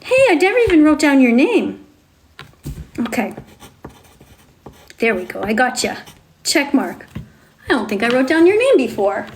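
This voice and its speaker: A woman's voice: sits high, very animated, unhurried, pauses often, a little hiss or hum. A woman on a livestream, reading to viewers and talking to them in a coddling, sing-song way, like a teacher with small children.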